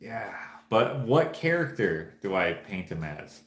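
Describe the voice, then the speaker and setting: Recorded in an echoey room against a noisy background, this Canadian man speaks with a fairly low pitch, very animated yet slow. He's a painter and channel host, rambling through a casual vlog as he thinks out loud, with plenty of restarts.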